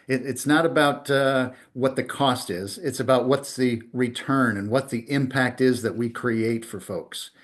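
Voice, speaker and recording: A man's voice: medium pitch, steady tone, a little slow, hardly any pauses. Enthusiastic male podcast host. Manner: enthusiastic, repeats words while starting sentences. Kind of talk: casual podcast interview.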